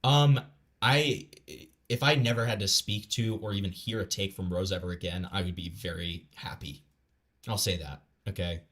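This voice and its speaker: A man's voice: low-pitched, steady tone, normal speed, fairly bright tone. A man streaming a casual reaction, rambling with lots of fillers and stammered restarts, blunt and profane. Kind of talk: casual live reaction commentary.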